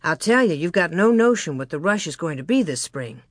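A woman doing a brisk pioneer man. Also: fairly low pitch, expressive, no echo, clean studio sound.

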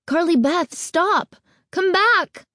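A woman's voice: medium pitch, flat delivery, a little slow, gravelly, dark tone, no echo, studio quality. A woman reading an audiobook, voicing a worried young girl who anxiously pleads with her friend. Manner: urging, pleading.

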